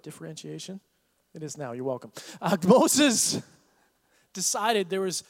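A man preaching a sermon as pastor, animated and acting out the voices of Bible figures. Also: high-pitched, big-room sound.

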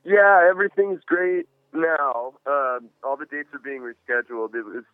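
A laid-back man, a musician, chats casually as an interview guest. His voice comes through a tinny phone line with a dry, close sound. He sounds relaxed and friendly. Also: a little high, moderate pace, clear, resonant tone, dry recording.

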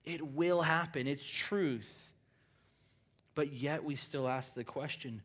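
Middle-aged male pastor, slightly high voice, dynamic preaching that shifts from hushed asides to emphatic peaks. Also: slow pace. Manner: acts out quoted lines in conversational voices. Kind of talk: sermon.

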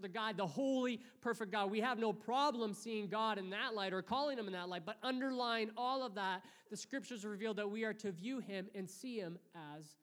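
A man in his thirties delivering a sermon with a fairly high voice. He tells stories earnestly and acts out quotes with life. The sound carries a long reverb, as in a church hall. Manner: earnest storytelling with lively acted-out quotes. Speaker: pastor.

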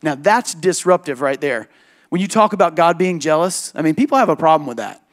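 A pastor with a slightly high voice preaches a sermon and tells a personal story. His delivery is animated and emphatic, and he quickly slips into other people's voices.

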